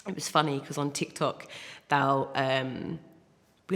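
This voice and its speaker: Earnest woman with a gravelly voice. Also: rumbling low, flat delivery, a little fast, long reverb tail. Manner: earnest and heartfelt, with frequent hesitant fillers. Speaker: interview guest. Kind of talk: personal testimony in an interview.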